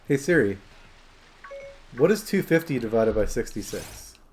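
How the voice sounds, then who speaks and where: Chatty streamer man, lively intonation. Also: mid-range voice, a little slow. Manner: rambling, chatty, talking to chat and his phone. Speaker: game streamer. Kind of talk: casual live-stream chat.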